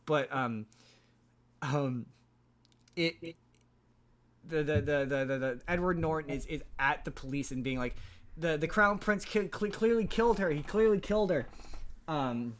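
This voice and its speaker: A man hosting a podcast, recapping a movie plot in a loose, rambling way with many restarts. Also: a little high. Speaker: podcast host.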